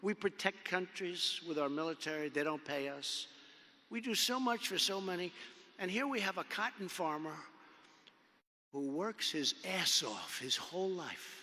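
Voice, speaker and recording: A man's voice: high-pitched, a little slow, pushed and bright. Older man giving a rambling arena speech. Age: 70s. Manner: rambling, repetitive, emphatic with superlatives. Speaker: public speaker addressing a convention. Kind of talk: off-the-cuff speech. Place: large indoor convention arena. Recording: long reverb of a big arena.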